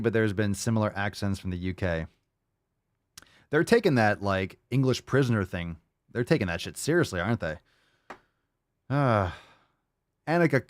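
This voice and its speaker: Crude ranting male host, lively pitch. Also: dry recording, clean studio sound. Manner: crude, mocking, sarcastic rants with mock voices. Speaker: show host. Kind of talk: ranting commentary show.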